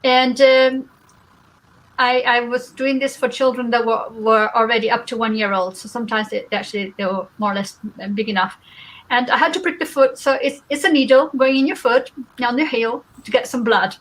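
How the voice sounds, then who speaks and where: A woman guest speaker gives a spiritual talk in a relaxed, conversational way, with a slightly high voice. She explains her ideas through everyday examples. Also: normal speed, rough recording.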